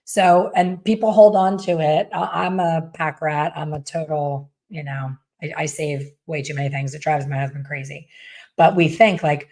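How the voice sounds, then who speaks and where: Middle-aged woman, salon owner, talking shop with other stylists; slightly low, candid, chatty. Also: steady tone, normal speed, a little mellow. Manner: chatty and candid, acting out quoted voices. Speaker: salon owner and hair color educator. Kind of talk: casual coaching talk.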